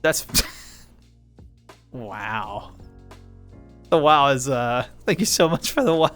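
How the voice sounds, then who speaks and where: A man's voice: a little high, lively intonation, brisk, a bit bright, clear, resonant tone, faint music behind. A man, casually chatting with viewers on a live stream, reading chat aloud and laughing often.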